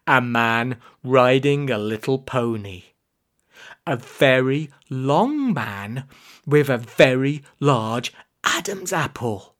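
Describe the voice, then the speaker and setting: A woman giving scripted narration of a comic children's story, expressive with deadpan asides. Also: extremely low pitch, slow. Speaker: audiobook narrator.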